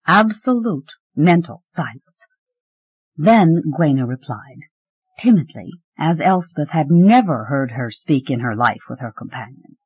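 Lively fantasy audiobook narrator, husky tone, dry dull recording. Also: no room sound. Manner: expressive, shifting pitch through the story.

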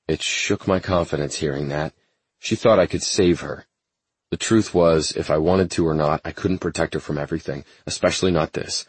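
Man, extremely deep voice, husky texture, brooding first-person narration, dry studio sound. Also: fairly even intonation, normal speed, no echo. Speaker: audiobook narrator.

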